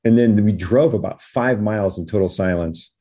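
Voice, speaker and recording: A man's voice: fairly low pitch, normal speed, warm tone. A man, a podcast guest, telling stories in a laid-back, rambling way full of fillers. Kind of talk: animated anecdotal storytelling.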